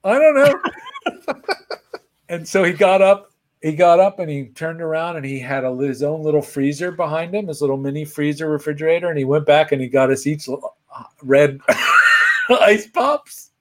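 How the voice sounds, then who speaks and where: A man co-hosting a casual chat, telling stories with lively pitch jumps and laughter. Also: brisk. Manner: animated storyteller, pitch leaping when excited. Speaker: host.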